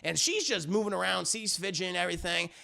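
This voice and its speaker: A man's voice: high-pitched, animated, fast, gravelly, pushed and bright. A man reviewing music in a casual, rambling recap, swearing freely and acting out the lines he describes. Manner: rambling, profane, acts out the lines.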